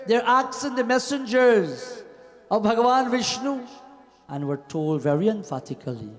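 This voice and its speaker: A man giving a devotional sermon as a pandit, preaching and often dropping to a low murmur on repeated refrains. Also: animated, normal speed. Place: temple hall. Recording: long hall reverb with faint music.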